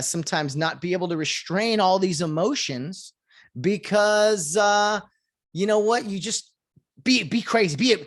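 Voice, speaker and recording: Rambling man ranting about baseball. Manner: rambling, with restarts and self-corrections; lively, jumps up in pitch when excited. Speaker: video host commenting on baseball. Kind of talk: casual rant to the camera.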